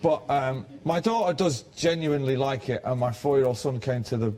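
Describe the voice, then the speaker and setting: Man, forties, musician guest; blunt, sardonic, swears freely; middle-pitched voice. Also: fairly quick, warm tone. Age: 40s. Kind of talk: casual interview.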